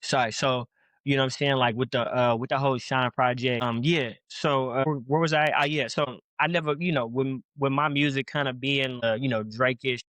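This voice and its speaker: Young male rapper from Louisville, quick rambling slang, dry close sound, guest on a podcast. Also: medium pitch, fairly even intonation, fairly bright tone, no room sound. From Louisville, Kentucky, US. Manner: rambling, slangy, laid-back. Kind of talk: casual podcast interview.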